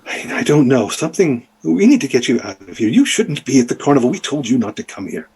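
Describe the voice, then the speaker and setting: A man's voice: medium pitch, sing-song, quick pace, darkish tone, husky, full character voice. A man voicing a stern, worried mother who scolds and intimidates her children. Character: stern worried mother, middle-aged woman.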